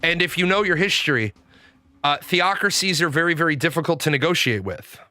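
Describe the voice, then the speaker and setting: Bright-voiced man telling rambling stories. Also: a little high, a little fast, dry recording. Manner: rambling anecdotal storytelling with swearing. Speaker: live streamer. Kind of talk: casual livestream chat.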